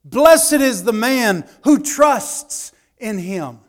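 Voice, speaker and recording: A man with a very high voice delivers a sermon at an unhurried pace. He drops low for asides and lifts his voice for emphatic points. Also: animated. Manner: preaching with swings between quiet asides and raised emphatic lines. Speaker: preacher.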